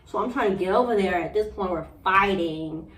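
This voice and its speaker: A young woman vlogger telling a personal story in a blunt, profane, animated way. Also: medium pitch, fairly quick, distant mic. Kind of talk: candid storytime monologue. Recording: roomy echo, a bit off-mic.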